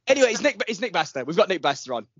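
A man's voice: high voice, very animated, rapid-fire, a bit bright, slightly rough, no echo, lo-fi sound. A man hosting a casual podcast, rambling and jokey, poking fun at himself. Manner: rambling, jokey, self-deprecating. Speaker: podcast host.

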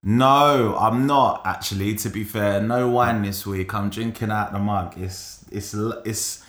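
A man's voice: fairly low pitch, fairly even intonation, unhurried, fairly bright tone, roomy sound. A man co-hosting a podcast, laid-back and slangy, saying bruv often. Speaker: podcast co-host. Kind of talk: casual live-stream podcast chat.

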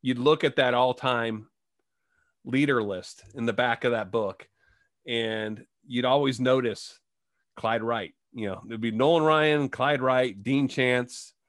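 A man's voice: medium pitch, slow pace, fairly bright tone, no room sound. Male sports talk host, dry studio sound, stat-heavy delivery. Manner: reads stats, asks questions.

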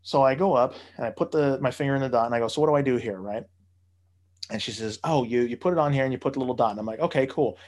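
Brief: male raconteur, mid-range pitch, swears freely, laughs through his own anecdotes. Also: quick pace. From United States. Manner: profane, laughing, mimics people in quotes. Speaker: podcast storyteller. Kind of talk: casual storytelling.

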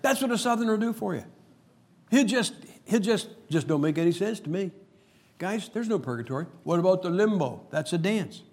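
A man's voice: high voice, expressive, a little fast, darkish tone, breathy edge. A man preaching a humorous sermon, telling stories and making emphatic points with jokes. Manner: joking, storytelling, emphatic preacher.

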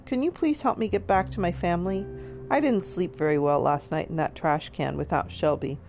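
A woman reading aloud, voicing a gentle, polite female service dog who speaks earnestly. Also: fairly low pitch, normal speed, lightly acted. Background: soft guitar music.

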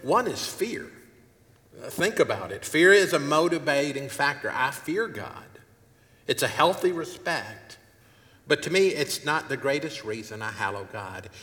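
A man's voice: a little high, big pitch swings, unhurried, pushed and bright. A man preaching a sermon and reading scripture aloud, earnestly putting questions to his congregation, on a wireless mic in a church hall. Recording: echoey hall with long reverb.

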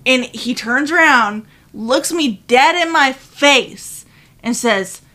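Bright, animated woman telling a story. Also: high-pitched, slow pace, a little hiss or hum. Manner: animated, swears freely, loud when retelling. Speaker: podcast co-host. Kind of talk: casual chat, storytelling.

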